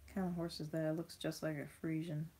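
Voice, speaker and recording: A woman's voice: low voice, level tone, fast talker, dark tone. A young woman chatting casually as she unboxes toy horses, rambling and reading bits of text aloud. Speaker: vlogger.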